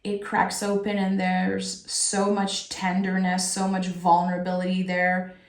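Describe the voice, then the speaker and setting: A woman's voice: fairly low pitch, monotone, measured pace, roomy sound. A woman with a French accent, a native French speaker, giving a soulful tarot reading in a reflective, giggly way with many restarts. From France. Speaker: tarot reader.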